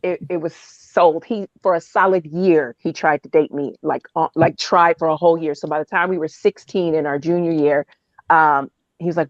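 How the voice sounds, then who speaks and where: A woman from Oakland in her thirties tells a personal story in a casual, animated way. She laughs often and pitches her voice up to act out what she said. The sound is dry and a bit dull. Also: a little fast, dry recording. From Oakland, California. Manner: animated, laughs often, acts out quotes in a high voice. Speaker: podcast guest.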